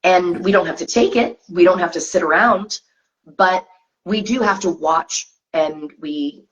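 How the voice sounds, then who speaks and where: A woman's voice: fairly low pitch, a little slow. A woman co-hosting a spiritual tarot chat, talking earnestly in repeated coaching phrases over a video call. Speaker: co-host of tarot reading show. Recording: slightly dull lo-fi sound.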